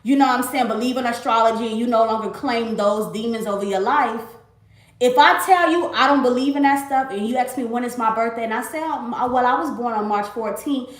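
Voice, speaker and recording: A woman's voice: on the high side, brisk. Emphatic woman in her late twenties, roomy. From Miami. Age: late 20s. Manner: emphatic, repetitive, talks to viewers as y'all. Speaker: livestreamer. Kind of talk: casual faith testimony livestream. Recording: roomy echo.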